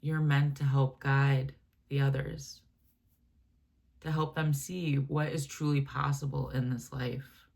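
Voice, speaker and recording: A woman giving a channeled spiritual reading, speaking gently and affectionately in a meandering way with many fillers and restarts. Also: a bass voice, level tone, takes it slowly, gravelly. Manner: gentle, affectionate, addresses listener as my love and baby; meandering, filler-heavy, self-correcting. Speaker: channeled message reader.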